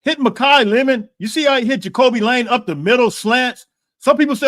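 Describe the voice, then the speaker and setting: A man hosting a podcast live stream in casual chat. He often repeats and restarts words, clears his throat and reads out viewer comments. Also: extremely high pitch, animated, normal speed, fairly bright tone. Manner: frequent throat clearing and coughs. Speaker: podcast host.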